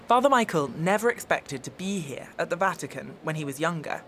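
A woman presenting and narrating a radio documentary in a measured, clear reporting voice. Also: fairly low pitch, lively intonation, a bit bright, slight background noise. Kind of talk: scripted narration.

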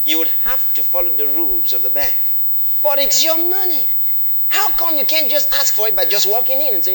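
A man's voice: extremely high pitch, very animated, fairly quick, pushed and bright. Preacher questioning his congregation in a reverberant hall. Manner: questions the congregation, repetitive and emphatic. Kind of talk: sermon. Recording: long hall reverb, faint noise.

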